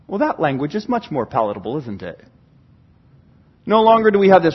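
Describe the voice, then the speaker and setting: A pastor preaching a sermon, asking the room rhetorical questions and swinging from hushed to loud. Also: male voice, high-pitched, very animated, brisk, pauses often, slightly rough, muffled recording.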